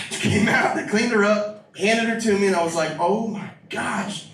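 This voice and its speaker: Doing stand-up in a club, a man with a high-pitched, fairly bright voice riffs brashly and profanely at a moderate pace. The live recording is roomy and distant, with audience laughter and room ambience behind him.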